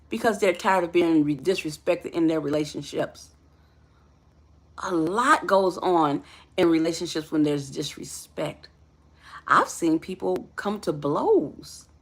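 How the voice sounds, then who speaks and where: A woman's voice: mid-range voice, a bit bright, husky. A woman life coach giving an emphatic motivational talk, calling the listener honey and baby.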